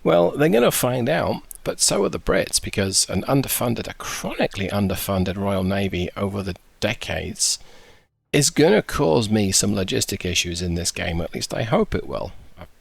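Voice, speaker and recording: A man's voice: on the low side, very animated, normal speed, creaky, husky, no room sound. A man commenting on a game, reading briefings aloud and adding dry, sarcastic asides. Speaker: gaming YouTuber. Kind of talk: casual gameplay commentary.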